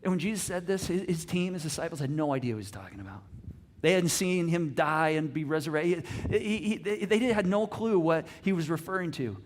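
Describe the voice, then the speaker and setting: A middle-aged man preaching a sermon as pastor, animated, swinging from loud emphasis to soft hushed lines and asking the congregation questions. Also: fairly high pitch, fairly quick, a little hiss or hum. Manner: repeats words on restarts, asks the congregation questions.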